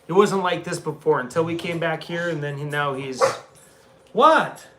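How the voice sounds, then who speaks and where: A man's voice: fairly high pitch, moderate pace, background noise. A man chatting casually to his viewers on a live stream from a hotel room, laughing often and talking to his dog. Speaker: van-life vlogger on a live stream.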